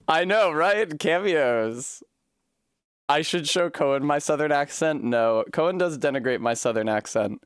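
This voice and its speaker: A man's voice: on the high side, lively intonation, measured pace, clean tone, dry recording, clean studio sound. Chatty, laughing male streamer. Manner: casual, laughs often, swears freely. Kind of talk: casual live-stream chat while gaming.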